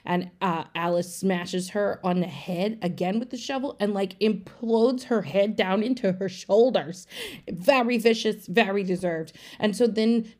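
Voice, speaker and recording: Woman presenter, fast profane recap delivery, middle-pitched voice. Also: a little mellow. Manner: breathless run-on storytelling, profane. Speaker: podcast segment presenter. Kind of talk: rapid casual plot recap.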